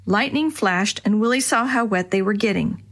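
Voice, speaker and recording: A woman narrating a children's storybook chapter in a clear, expressive way. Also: mid-range voice, normal speed. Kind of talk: storybook reading.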